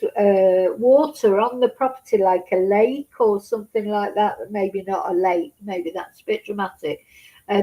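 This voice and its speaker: The sound is lo-fi as a woman vlogs, reading a news story and slipping in hesitant personal asides while getting upset. She speaks softly at a medium pitch. Her chatty delivery is full of fillers.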